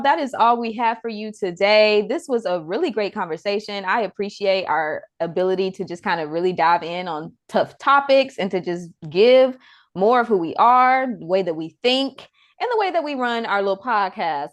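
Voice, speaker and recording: A woman hosting a podcast in casual chat, teasing her co-hosts playfully. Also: medium pitch. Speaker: podcast host.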